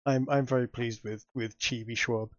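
A man chatting casually as a podcast co-host, animated and quick to laugh. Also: medium pitch, no echo. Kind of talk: casual chat. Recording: dry, dull lo-fi audio.

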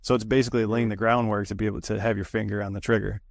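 Dude rambling about tech stuff, cussing a lot, gravelly kinda low voice. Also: male voice, flat delivery, very fast, no room sound, clean studio sound. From United States. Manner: rambling, profane, many fillers and restarts. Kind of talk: casual podcast chat.

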